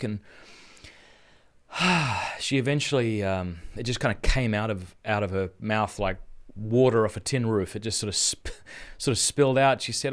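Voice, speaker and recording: A man's voice: fairly low pitch, moderate pace. An Australian man in his thirties, hosting a live stream and telling a personal story in a casual, earnest way with frequent restarts. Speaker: Catholic speaker and podcast host.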